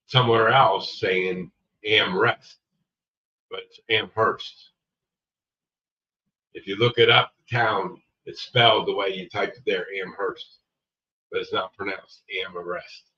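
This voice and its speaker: A deep-voiced man chats casually on a livestream, answering viewers by name with a bright, forward edge. His audio is dull and lo-fi, and he sits a little away from the mic. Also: recorded from a distance. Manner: rambling, chatty, addresses viewers by name. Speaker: livestream host. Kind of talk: casual livestream chat reading viewer comments.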